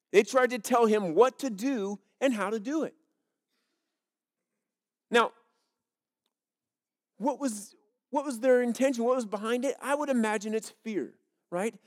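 A male pastor delivers a sermon as if chatting with his congregation and tells stories along the way. His voice is pitched high, and he often backs up and restarts his sentences. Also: a little mellow. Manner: conversational, storytelling, frequent restarts.

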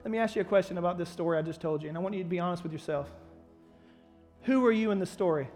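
A male pastor preaching a sermon, telling personal stories and building to loud, emphatic preaching. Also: high voice, rapid-fire. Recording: hall reverb with soft music behind.

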